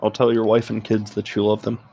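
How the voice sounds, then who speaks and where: A man playing in a tabletop game, casual and wry with deadpan jokes. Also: on the low side, a little fast, dull audio. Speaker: player. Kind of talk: casual tabletop role-play.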